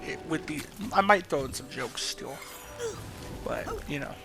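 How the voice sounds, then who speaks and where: Calm, gravelly-voiced gaming commentator. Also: male voice, a little high, unhurried. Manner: calm, soft-spoken, rambling. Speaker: let's play commentator. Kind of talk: casual game commentary. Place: home at night. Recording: with game music behind.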